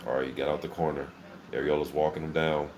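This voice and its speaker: A man hosting a casual live boxing reaction, calling the action play-by-play in an excitable, filler-heavy way. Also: a bass voice, fast talker, a little hiss or hum. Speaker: boxing channel host. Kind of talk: live fight commentary reaction.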